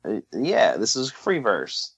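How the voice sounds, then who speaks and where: A man co-hosting a podcast in casual chat, deadpan and jokey, sometimes drifting into a put-on drawl. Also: on the low side, slow, breathy edge, highs cut off. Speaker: podcast co-host.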